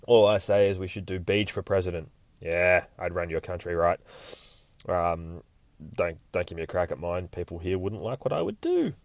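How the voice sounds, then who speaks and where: Profane low-voiced comic podcast host. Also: male voice, expressive, moderate pace, dry recording. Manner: profane, rambling, joking. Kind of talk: casual comic book reading and commentary.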